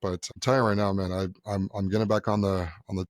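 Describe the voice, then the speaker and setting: Man, thirties, from New York, podcast co-host, animated storyteller, swears a lot, dry close mic. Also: deep voice, fast, dry recording. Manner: animated storyteller, acts out quotes, swears freely. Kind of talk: casual chat.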